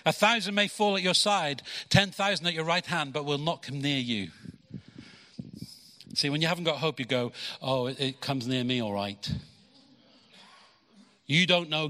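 A man preaches in a lively, conversational way, slipping into voices for the people in his stories. His tone is bright and forceful. The sound rings out with the long tail of a big hall. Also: on the high side, normal speed. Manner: conversational preaching, acts out quotes, repeats words. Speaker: pastor. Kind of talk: sermon. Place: church hall.

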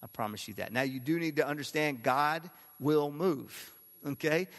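Male pastor, mid-pitched, earnest, repeats lines for weight; long hall reverb. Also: normal speed. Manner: earnest, repeats phrases for emphasis. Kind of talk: sermon.

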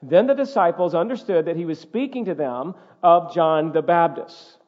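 A man's voice: fairly high pitch, moderate pace, long reverb tail, dull audio. A man preaching a sermon, reading scripture aloud and asking his listeners to follow along in their Bibles. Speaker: pastor.

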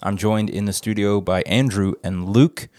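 A chatty, rambling man hosts a casual church podcast, his voice sitting fairly low. The sound is close and dry, with almost no room around it. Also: normal speed, darkish tone, no echo. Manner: chatty, rambling, jokes at himself. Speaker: podcast host. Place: church office studio.

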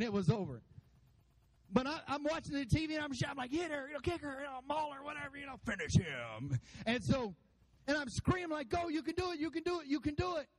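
A man preaching a sermon to his church, animated, acting out voices and calling out to the congregation. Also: sits high, low-quality recording. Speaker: pastor. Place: church sanctuary.

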